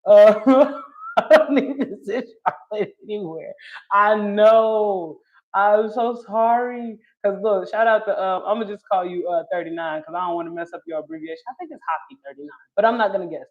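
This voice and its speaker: A woman's voice: medium pitch, moderate pace. Woman, laughs a lot, chatty, casual stream talk, dull lo-fi sound. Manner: laughs often, chatty, answers viewer comments. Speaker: livestream host reading chat. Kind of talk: casual opinion chat.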